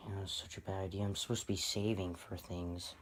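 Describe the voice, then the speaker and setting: An excitable man rambles through a casual vlog about his collectible figures. His voice sits somewhat low, and he jumps between regret and enthusiasm in a loose, self-mocking way. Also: a little fast. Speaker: toy collector vlogger.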